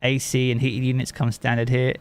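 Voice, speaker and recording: A man's voice: mid-range voice, monotone, a little fast, clear, resonant tone. A man from England with a Southern English accent, a game streamer chatting casually with his live chat and swearing freely.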